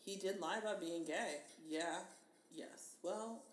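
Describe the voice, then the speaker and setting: A woman's voice: fairly low pitch, slow. A woman chatting casually as a podcast guest, bubbly and talkative, full of fillers and laughter. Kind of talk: casual chat. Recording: roomy with faint noise.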